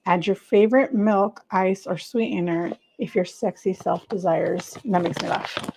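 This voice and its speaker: A woman's voice: fairly low pitch, moderate pace, gravelly, background noise. A middle-aged woman chatting casually on a home livestream, rambling and talking to viewers by name while she makes coffee. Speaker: livestream host.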